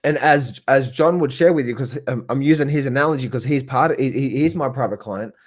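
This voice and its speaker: A man with an Australian accent coaching traders on a live stream. He talks excitedly, repeats himself, laughs often and calls viewers by name. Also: mid-range voice, fairly quick. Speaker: trading coach. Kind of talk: live stream talk answering viewers in chat.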